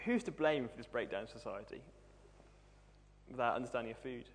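A man's voice: mid-range voice, a little fast. A young man in his twenties preaching a sermon, humorous and self-deprecating as he tells stories. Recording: long hall reverb.

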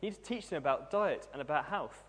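A man's voice: a little high, animated, fast, fairly bright tone. A young man in his twenties preaching a sermon, humorous and self-deprecating as he tells stories. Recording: long hall reverb.

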